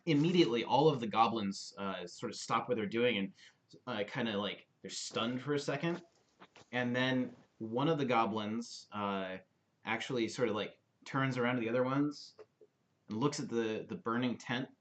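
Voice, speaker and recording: A man's voice: medium pitch, moderate pace. A young man running a tabletop game as dungeon master, narrating the scene loosely with many fillers.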